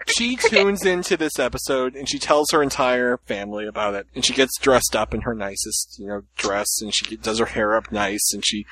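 A man hosts a casual podcast chat, spinning long rambling stories with a joking edge. His voice sits at an ordinary middle pitch, and he keeps the talk loose and conversational with the others around him. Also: lively intonation, normal speed, hardly any pauses, sharp tone, no room sound. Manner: rambling, jokey storytelling. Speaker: podcast host.

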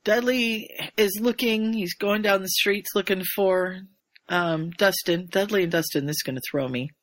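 A woman retells a story to her co-host in a lively, animated way, slipping into quoted voices. She talks casually at a medium pitch. The recording is close and dry. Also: normal speed, no echo. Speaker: podcast co-host recapping a story. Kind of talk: casual chat.

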